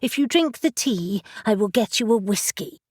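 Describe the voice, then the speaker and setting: A woman's voice: mid-range voice, lively intonation, normal speed, breathy edge, dry recording, studio quality. A woman reading the part of a bossy, caring young witch who scolds freely in an audiobook. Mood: scolding.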